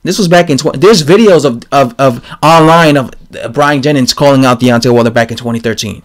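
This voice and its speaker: A man giving a casual, rambling opinion rant on his channel, animated and full of fillers and restarts. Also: mid-range voice, brisk. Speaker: boxing commentator vlogger.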